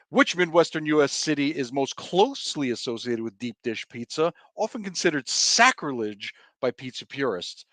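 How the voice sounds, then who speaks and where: A man's voice: mid-range voice, very animated, moderate pace, fairly bright tone, dry recording. A man co-hosting a livestream trivia game, casual and jokey, breaking into mock-outraged rants. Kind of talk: casual chat.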